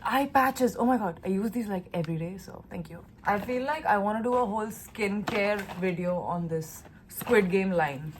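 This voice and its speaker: A woman's voice: mid-range voice, moderate pace, hardly any pauses, noisy background. A young woman from India talking casually to camera in a vlog, chatty and emotional, gushing over everything. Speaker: lifestyle vlogger.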